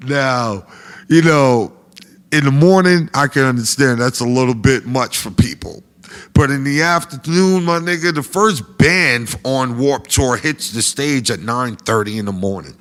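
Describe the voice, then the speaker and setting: A man telling a comic anecdote in a casual, profane, slangy way, getting animated as he goes. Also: mid-range voice, measured pace. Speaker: storyteller guest.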